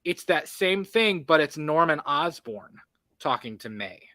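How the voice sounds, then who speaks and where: A man co-hosting a casual movie podcast, talking animatedly with lots of fillers and quick asides. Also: on the high side, big pitch swings, pushed and bright, no room sound. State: has the hiccups. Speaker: podcast co-host.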